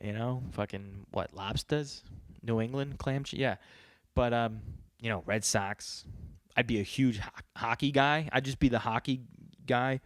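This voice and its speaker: A man's voice: medium pitch, a little slow, a bit bright, no room sound, studio quality. A man from New York hosting a podcast, talking in a rambling, profane, joking casual monologue. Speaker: podcast host.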